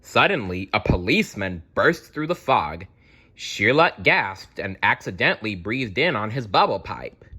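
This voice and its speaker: A man's voice: lowish voice, very animated, a little slow, pushed and bright, slightly rough. A man reading a children's picture book aloud in a playful storytelling manner. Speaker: read-aloud narrator.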